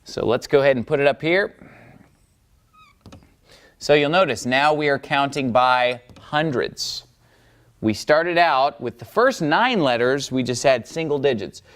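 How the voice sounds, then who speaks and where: A man with a smooth, resonant voice gives a patient language lesson, drawing at a board as he goes. He walks through each step slowly and keeps checking in with his listeners. His pitch sits in an ordinary middle range. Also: expressive, fairly bright tone. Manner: patient, checks in with "okay?" and "all right?". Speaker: Biblical Hebrew teacher.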